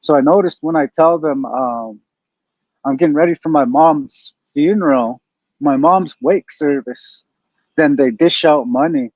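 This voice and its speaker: A man's voice: on the high side, unhurried, darkish tone, no echo. Guy from canada ranting to his stream, lots of cussing and "you guys", kinda dull dry audio. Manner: rambling, profane, keeps saying "you guys". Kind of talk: casual storytelling to viewers.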